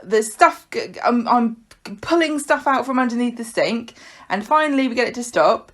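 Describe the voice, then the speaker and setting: A woman's voice: fairly high pitch, lively intonation, normal speed, fairly bright tone. A woman co-hosting a podcast in casual chat. She tells stories in a chatty way and laughs often. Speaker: podcast co-host.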